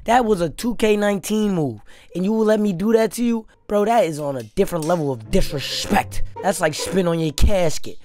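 A young man with a high-pitched, slightly mellow voice speaks fairly quickly over background music. The gaming YouTuber keeps up hyped, profane commentary while playing, roasting his opponents with playful trash talk.

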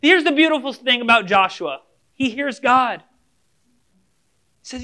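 A man's voice: very high-pitched, animated, measured pace, pushed and bright. A male pastor giving a casual, conversational sermon, speaking straight to his listeners and acting out imagined back-and-forth dialogues.

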